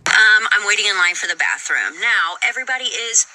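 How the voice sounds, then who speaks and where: A woman's voice: mid-range voice, animated, brisk, sharp tone, rough recording. A woman telling a personal story on a live stream, blunt and upset, swearing heavily. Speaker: guest telling her story.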